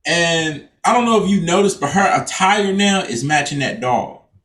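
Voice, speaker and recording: A man's voice: a little high, animated, normal speed, fairly bright tone, far from the mic. A man co-hosting a casual podcast, talking loosely and cursing as he acts out quotes. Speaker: podcast co-host. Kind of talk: casual chat. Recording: echoey room, off-mic.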